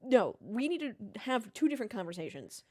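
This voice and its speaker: A woman's voice: fairly high pitch, fairly quick. A woman co-hosting a podcast in casual chat, blunt and swearing freely. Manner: blunt, profane and animated. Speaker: podcast co-host.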